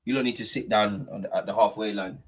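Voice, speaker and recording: A man hosting a live football watch-along, swearing a lot, muttering to himself and shouting at goals. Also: on the low side, fairly even intonation, fast. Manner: mutters quietly to himself between outbursts.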